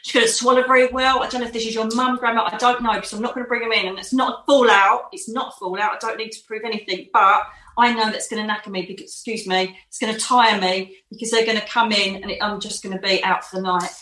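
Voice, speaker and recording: A woman's voice: a little high, level tone, fast talker, hardly any pauses, pushed and bright. A woman giving a psychic reading, talking in an emotive, reassuring, rambling way. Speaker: psychic medium. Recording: roomy echo.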